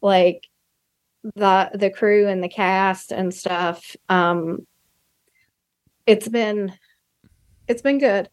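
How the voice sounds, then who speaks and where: A woman's voice: mid-range voice, steady tone, very slow, long pauses, dry recording, studio quality. A young woman, a filmmaker guest on a podcast, talking in an emotional, gushing way that comes in fits and starts. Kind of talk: casual podcast chat.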